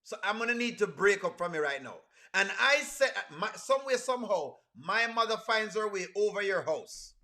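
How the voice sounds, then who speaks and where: Bright, high Jamaican man streaming. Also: lively intonation, normal speed, few pauses. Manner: asks the chat rhetorical questions, creole grammar. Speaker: reaction streamer. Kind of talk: casual live reaction commentary.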